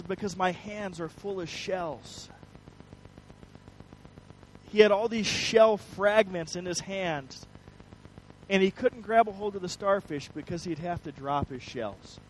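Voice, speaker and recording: A man's voice: on the high side, slight background noise, poor audio. A man preaching a sermon, telling a story in an earnest way with frequent restarts. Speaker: pastor.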